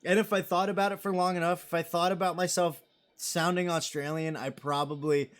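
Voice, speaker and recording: A man's voice: high-pitched, flat delivery, fairly quick. A man in his thirties hosting a live stream, chatting casually and rambling as he reads viewer comments and jokes about himself. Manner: self-deprecating and joking.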